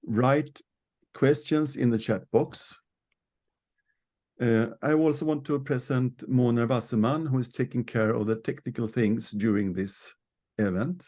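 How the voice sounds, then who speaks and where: A man from Sweden, a board member, hosting and introducing an online training in a formal, measured, announcement-like way over a video call. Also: medium pitch, mellow.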